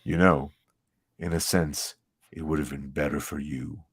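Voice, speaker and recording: A man voicing a sinister aristocratic male villain who gloats with slow, deliberate menace. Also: extremely low pitch, steady tone, slightly rough, no room sound, clean studio sound, heavily acted. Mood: menacing.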